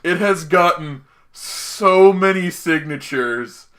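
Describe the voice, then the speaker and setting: A young man hosts a casual chat podcast with a bright, slightly high voice. He swears freely and rambles off on tangents. His talk is quick to get excited. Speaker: podcast host.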